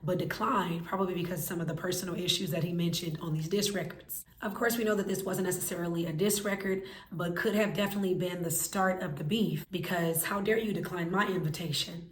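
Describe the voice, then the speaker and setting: A woman's voice: lowish voice, reverberant, slight background noise. A woman hosting a scripted commentary, giving her opinionated, analytical take. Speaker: commentary host.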